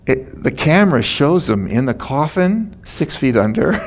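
A man's voice: mid-range voice, very animated, measured pace, few pauses. An older man preaching a sermon, telling stories in a folksy, chatty way. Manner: folksy storytelling, laughing at his own stories. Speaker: pastor.

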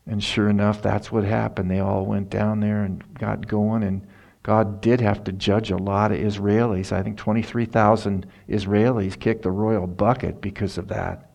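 A man's voice: fairly low pitch, fairly even intonation, a little slow, gravelly, a little mellow. A middle-aged male preacher retelling a Bible story in a folksy, casual sermon.

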